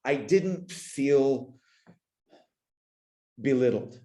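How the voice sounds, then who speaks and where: A man in his forties from Canada speaks haltingly as a podcast guest, circling back and repeating words as he feels his way through a memory. His voice sits in a middling register, and he sounds emotional, at times choked up. The recording has a roomy, echoey sound. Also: medium pitch, animated, dark tone. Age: 40s. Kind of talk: reflective conversational interview.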